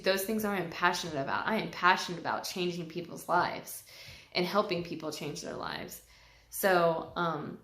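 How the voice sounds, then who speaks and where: A woman vlogs candidly in a somewhat low but slightly bright voice, growing emotional and occasionally tearful while swearing freely. The recording has an echoey room sound.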